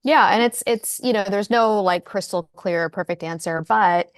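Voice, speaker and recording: A woman's voice: mid-range voice, normal speed, no echo, studio quality. A woman co-hosting a casual chat about marketing, talking in a chatty way with lots of fillers and restarts over a video call. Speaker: co-host.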